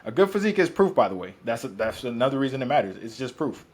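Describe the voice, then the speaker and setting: A man's voice: medium pitch, very animated, fast talker, slightly rough. A man who works as a fitness coach, talking bluntly and profanely in casual podcast chat, rambling with restarts.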